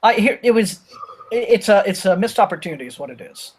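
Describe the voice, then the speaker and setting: A man leads a casual live chat over a video call. His voice sits a little high, and he talks in a rambling, opinionated way, stopping and restarting his sentences often. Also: animated, quick pace, slightly rough. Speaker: booktuber host of a live show.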